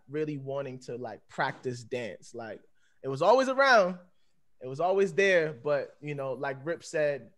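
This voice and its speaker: A man in his thirties talking casually on a panel over a video call, rambling and laid-back and laughing often. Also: mid-range voice. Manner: laid-back, rambling, peppered with "you know what I'm saying". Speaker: dancer on a panel.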